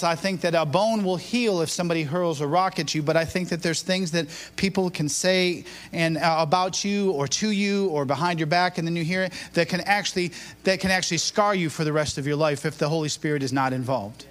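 An upbeat preacher, a man whose voice sits high for a man. He banters with the congregation and quizzes them before slipping into prayer and a sermon. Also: brisk, hardly any pauses. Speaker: bishop preaching. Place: church before a live congregation.

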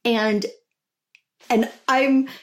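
A woman's voice: a little high, steady tone, extremely slow. A woman hosting a podcast interview, talking in a gushing, emotional, chatty way. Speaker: podcast host.

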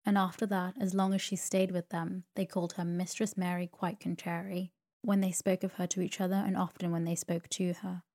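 Soft, low-voiced woman reading a bedtime story. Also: little pitch movement. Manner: slow, soothing reading. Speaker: narrator. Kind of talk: sleep story narration.

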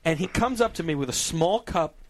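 High, lively man telling wild stories. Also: brisk. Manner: animated, profane, laughing while telling stories. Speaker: podcast co-host. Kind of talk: casual storytelling chat.

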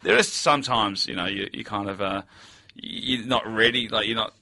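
A man recounts anecdotes in a loose podcast chat. His voice is very bright and ringing. He acts out the people in each story as he goes. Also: lowish voice, normal speed, vocal fry. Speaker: guest.

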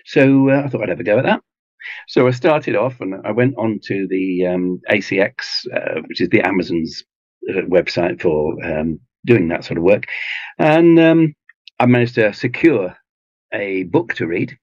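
A man with an English accent, chatting in an interview in a relaxed, rambling way with many ums and restarts. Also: on the low side, normal speed, no echo, lo-fi sound. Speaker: audiobook narrator guest. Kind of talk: casual interview chat. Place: home garage booth with foam pads.

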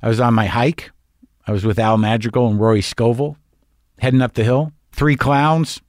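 A man hosts his podcast with a rambling comedic monologue, wry and quick to poke fun at himself. His voice sits at a middling pitch for a man. The sound is dry and close, with no room around it. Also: steady tone, darkish tone, dry recording. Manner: rambling, wry and self-deprecating. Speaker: podcast host.

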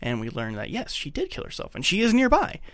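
On a podcast, a male co-host retells a film's scenes and acts out the dialogue in a casual recap. His voice sits high with huge pitch swings, and he talks fast. The audio is studio quality with no room sound.

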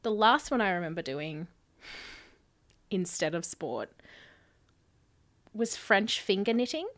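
A woman's voice: mid-range voice, lively intonation, slow pace. A woman, co-hosting a podcast and telling childhood stories in a casual, chatty way. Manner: chatty storytelling, laughs often. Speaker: podcast co-host. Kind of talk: casual chat.

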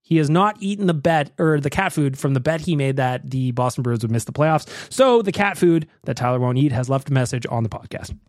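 A man's voice: medium pitch, lively intonation, brisk, hardly any pauses, darkish tone, no room sound, clean studio sound. A man hosting a podcast, ranting with profanity and reading sponsor plugs. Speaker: podcast host.

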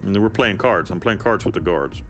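A man telling his own story in an interview, blunt and profane, with animated delivery. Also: lowish voice, normal speed, lo-fi sound, faint music behind. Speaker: interviewee, former prisoner.

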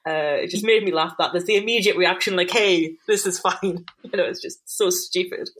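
Young woman, husky voice, low-pitched, amused podcast co-host. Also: a little fast, fairly bright tone. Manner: laughing, amused, mocking commentary. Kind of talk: casual chat recapping a TV episode.

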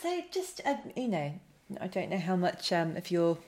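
A woman's voice: on the low side, big pitch swings, moderate pace, a little mellow. A woman in her thirties hosting a casual interview, asking hesitant, probing questions with playful asides. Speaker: podcast host.

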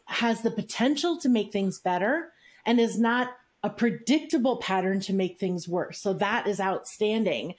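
Emphatic woman relationship coach, fairly high voice. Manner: emphatic, repetitive teaching phrasing. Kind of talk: coaching session talk.

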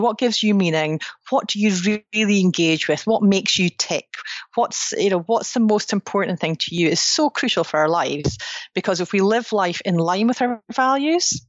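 A woman's voice: medium pitch, lively intonation, normal speed, dry recording. A woman, a psychologist and author, explaining ideas earnestly in a conversational interview, often restarting her sentences. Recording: dry, dull lo-fi sound.

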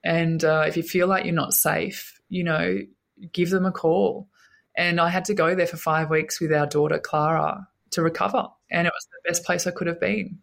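A woman, a guest telling her own story in an interview, earnest and emotional, often repeating her words. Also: lowish voice.

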